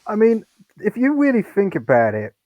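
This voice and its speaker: A British man chatting casually as a guest, blunt and quick to laugh. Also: high-pitched, wildly swooping pitch, no echo, phone-quality sound. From United Kingdom. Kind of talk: casual chat.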